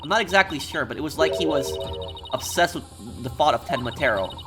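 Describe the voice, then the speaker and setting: A man's voice: fairly high pitch, expressive, brisk, over music, natural voice. A man voicing an earnest young woman assistant lawyer who explains things carefully.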